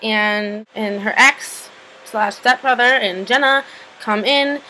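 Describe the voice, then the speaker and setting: A woman's voice: a little high, slow pace, sharp tone, slight background noise, rough recording. A woman casually recapping a TV episode, chatty, full of "like" and "um", swearing freely.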